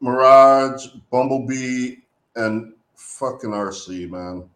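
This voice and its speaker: A man co-hosting a casual movie review chat, grumbling through drawn-out complaints. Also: mid-range voice, a bit bright, roomy sound.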